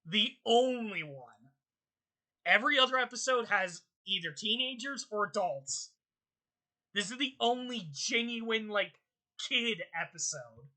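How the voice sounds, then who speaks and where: A young woman hosting her channel, ranting in casual commentary, exasperated and swearing, her voice jumping high in outbursts. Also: expressive, measured pace, sharp tone. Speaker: channel host.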